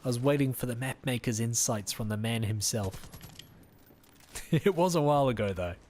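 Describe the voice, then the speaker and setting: A man's voice: medium pitch, moderate pace, darkish tone, slight background noise. A tired man chatting casually with viewers while streaming a game, easygoing and friendly. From Australia. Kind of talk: casual live-stream chat.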